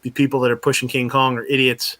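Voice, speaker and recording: A man's voice: mid-range voice, little pitch movement, fast talker, fairly bright tone. Man rambling through a story, swearing and laughing. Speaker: podcast host. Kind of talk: casual chat.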